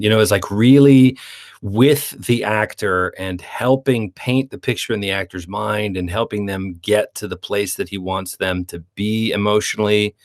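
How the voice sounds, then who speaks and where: This is a podcast co-host, a man reviewing films at a moderate pace with a fairly low voice. Casual and animated, he acts out the lines he quotes using playful voices.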